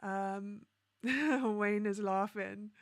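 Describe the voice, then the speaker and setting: A woman from London, hosting a casual livestream, reading viewer comments and chatting in an upbeat way, laughing often and filling pauses with ums. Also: medium pitch, no room sound, clean studio sound. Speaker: livestream host.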